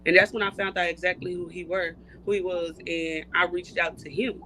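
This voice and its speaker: A woman's voice: fairly low pitch, brisk, soft background music, poor audio. A woman from Louisiana, a mother telling stories as a guest in a casual chat. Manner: animated storyteller, laughs while telling.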